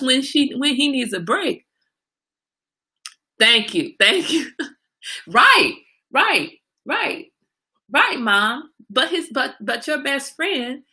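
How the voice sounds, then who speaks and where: A woman hosting a casual livestream, answering viewer comments by name in an animated way. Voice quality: gravelly low voice. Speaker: livestream host.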